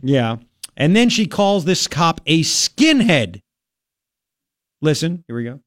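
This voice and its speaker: A man hosting political commentary, sarcastic and mocking as he pauses and remarks on clips. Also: on the high side, very animated, no echo, clean studio sound. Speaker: host.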